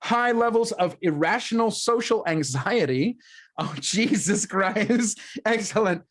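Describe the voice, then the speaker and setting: A man's voice: high-pitched, animated, measured pace. A man hosting a live improv comedy stream, reading out audience suggestions with plenty of ums and laughs. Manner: chatty and loose, with many ums and laughs. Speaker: improv show host.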